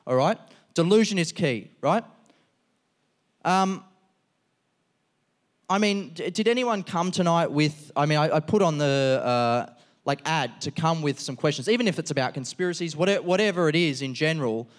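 Aussie stand-up host, foul-mouthed, lively, slightly high voice, live venue. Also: male voice, moderate pace. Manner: profane, animated, riffing with the crowd. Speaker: comedian host. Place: live venue before an audience.

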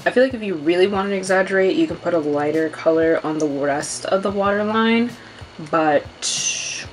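A woman's voice: fairly low pitch, moderate pace, a little hiss or hum, low-quality recording. A young woman chatting casually through a makeup tutorial at home, talking to her viewers as girl and y'all, and often apologizing. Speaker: beauty vlogger.

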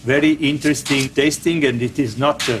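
Halting Italian-accented chocolatier. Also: male voice, mid-range voice, steady tone, a little hiss or hum. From Turin, Italy. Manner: halting English with many "uh" pauses. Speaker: artisan chocolate maker. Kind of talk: interview answers.

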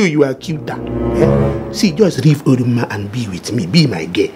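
Excitable Nigerian man in sketch comedy. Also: moderate pace. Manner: excitable, exclamatory, high outbursts. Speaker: comedic lead. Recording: music under the dialogue.

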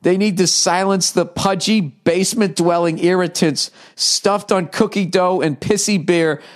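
A man's voice: high voice, steady tone, a little slow. A man hosting a podcast, delivering a profane, mocking comedic rant and laughing as he reads aloud. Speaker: podcast host.

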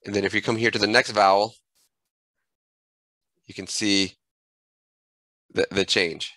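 Halting man giving a software tutorial. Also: fairly low pitch, level tone, no room sound, rough recording. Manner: halting, self-correcting, thinks aloud while clicking. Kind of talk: screen-recorded software tutorial.

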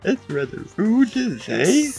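Teasing woman with a lively voice. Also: on the high side, slow, gravelly, music in the background. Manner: teasing, playful deadpan. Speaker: player in a read-along.

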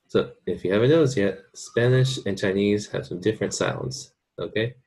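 Husky low-voiced male teacher. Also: moderate pace, darkish tone. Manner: informal, checks in with "okay?" and "right?". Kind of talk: recorded online lesson.

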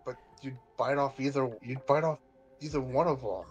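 A man's voice: medium pitch, steady tone, moderate pace, soft background music. A man talking casually in a dry, matter-of-fact way. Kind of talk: casual chat.

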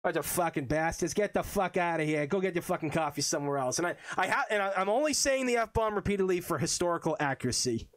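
A man with a Boston accent, a podcast guest chatting casually, animated and swearing freely. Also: high voice, fast talker, few pauses, no echo. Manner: swears a lot, animated storytelling.

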